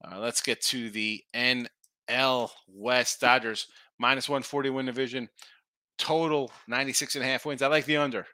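A middle-aged man hosts a casual sports betting live stream, rambling and restarting his sentences. His voice is bright and forceful, and the sound is dry and close with little room echo. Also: mid-range voice, fairly even intonation, normal speed. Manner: rambling, self-interrupting, reads chat comments aloud. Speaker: sports betting show host.

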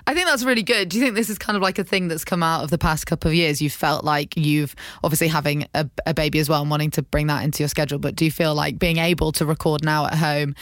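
A woman's voice: deep voice, fairly even intonation, fast talker, few pauses, no room sound. A woman radio host from the UK, interviewing a guest in a friendly, chatty way. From United Kingdom. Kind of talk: casual interview chat. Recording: dry close mic.

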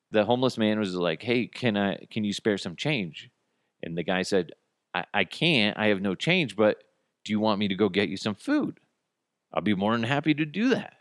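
A man's voice: lowish voice, fairly bright tone, no room sound, clean studio sound. A man hosting a podcast, telling stories in a casual, profane way and slipping into put-on voices. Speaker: podcast host. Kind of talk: casual solo monologue.

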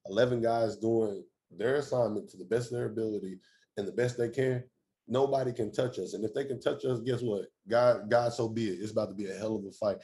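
A former college football player in his thirties breaks down the game in a relaxed sports chat. His voice sits fairly low, and he drives his points home with slang and repetition.

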